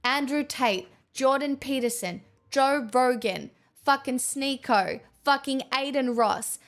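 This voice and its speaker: A woman's voice: high-pitched, slow. A woman streamer giving heated, swearing commentary on news stories. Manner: angry, swearing, mocking sarcastic.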